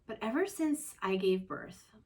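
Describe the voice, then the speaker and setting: A woman's voice: medium pitch, lively intonation, a little slow, a little mellow. A young woman talking casually to camera from a room at home, chatty and rambling with lots of fillers. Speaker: vlogger.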